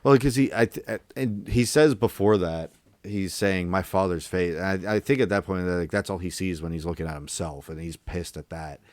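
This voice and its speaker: Deep-voiced man chatting about a film. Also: normal speed, no echo. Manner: rambling, animated retelling of scenes with acted quotes. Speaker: podcast co-host. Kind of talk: casual movie discussion.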